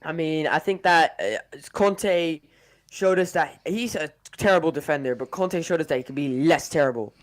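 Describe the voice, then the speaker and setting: Man from America, fan show co-host, rambling and exasperated, fairly high voice. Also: moderate pace. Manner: rambling and exasperated with frequent restarts. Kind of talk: casual fan chat.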